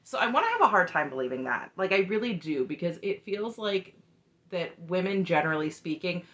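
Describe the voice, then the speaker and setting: A woman's voice: lowish voice, sing-song, brisk, a bit bright, lo-fi sound. A woman casually recapping a reality show, chatty and opinionated, often tossing in "just saying.". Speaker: recap vlogger.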